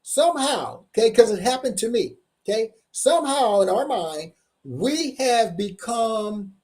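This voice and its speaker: A man giving a motivational seminar presentation as a tax coach, emphatic, repeating key points slowly and firing questions at his audience. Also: high voice, lively intonation, a little mellow.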